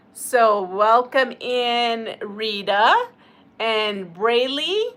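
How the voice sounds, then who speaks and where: Quilting lady on a live, reading her story slow, lots of ups and downs in her voice. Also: on the high side. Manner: animated, laughs while reading. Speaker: quilting channel host.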